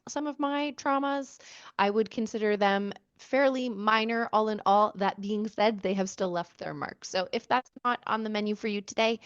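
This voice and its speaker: A woman's voice: on the high side, dull audio. A woman in her thirties hosting a personal podcast, telling her story candidly and reflectively with frequent fillers. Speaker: podcast host.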